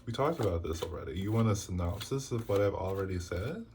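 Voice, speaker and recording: A man's voice: deep voice, expressive, quick pace, darkish tone, slight background noise. A man giving a casual tarot reading to camera, exasperated and scolding, with lots of rhetorical questions. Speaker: tarot reader.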